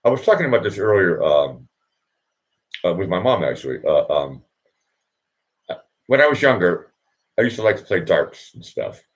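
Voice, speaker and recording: A low-pitched man hosts a live online show, his voice swinging widely up and down. He rambles casually, full of fillers and quick jokes. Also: sing-song. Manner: rambling, jokey, lots of fillers. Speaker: show host. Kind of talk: casual live-stream chat.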